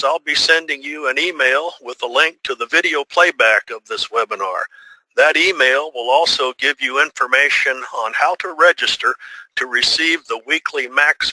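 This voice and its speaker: Webinar host, man; smooth scripted read, bright and close. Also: medium pitch, dry recording, poor audio.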